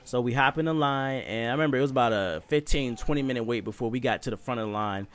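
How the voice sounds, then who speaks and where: A young man telling a comedic story casually, animated and profane, laughing as he goes. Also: medium pitch, fast, smooth.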